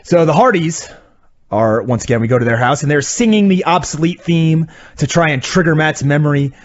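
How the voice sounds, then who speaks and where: Lively wry man recapping wrestling. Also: a little high, brisk. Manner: rambling, wry play-by-play recap. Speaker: podcast co-host reviewing wrestling. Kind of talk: casual recap chat. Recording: dull lo-fi audio.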